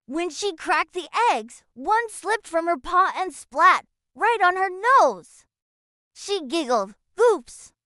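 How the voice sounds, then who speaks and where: A woman narrating a children's storybook, expressive and playful with sound-effect words. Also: very high-pitched, slow, dry recording, clean studio sound.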